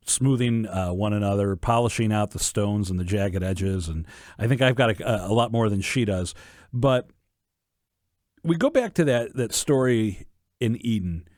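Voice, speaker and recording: A man's voice: lowish voice, no room sound. A man hosting a Catholic radio talk show, speaking in an earnest, reflective way on a studio microphone. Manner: earnest, reflective, animated storytelling. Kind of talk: conversational faith radio talk.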